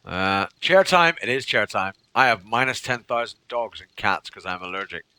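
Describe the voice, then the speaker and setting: Brief: male game streamer, casual chat, bright tone, lively intonation. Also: on the low side, normal speed, clear, resonant tone, no room sound. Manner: reads chat aloud and thanks followers, joking.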